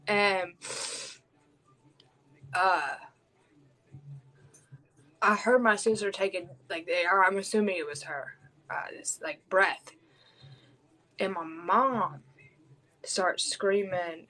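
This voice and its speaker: A woman's voice: medium pitch, steady tone, unhurried, pauses often, a bit bright, low-quality recording. A woman, hosting a podcast and telling a personal story in a raw, blunt way, swearing heavily. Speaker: podcast host.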